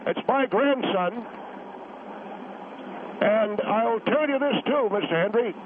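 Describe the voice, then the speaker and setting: Man doing a halting, defiant old war veteran on a tinny phone line. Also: sits high, lively intonation, slight background noise, voice pushed up. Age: older. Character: older male war veteran grandfather, stubborn and gruff. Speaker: caller.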